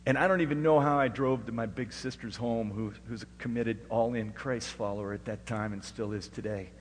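A middle-aged male pastor preaches a personal testimony. His voice sits at an average pitch and rings with long hall reverb over a faint hum. He drops to a hush for the story, then climbs into loud, fervent preaching. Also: steady tone, fairly quick. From Alaska. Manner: swings from hushed storytelling to loud, rising preaching.

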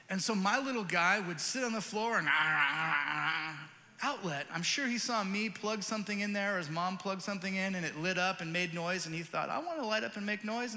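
A high-pitched man with a sharp, ringing voice preaches an earnest sermon. He tells stories emphatically, and a long reverb trails every phrase, as in a large hall. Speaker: pastor.

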